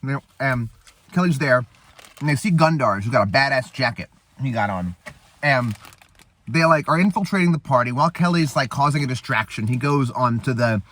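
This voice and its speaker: Rambling, animated man recapping a movie. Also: medium pitch, normal speed. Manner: rambling, with fillers and profanity. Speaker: host.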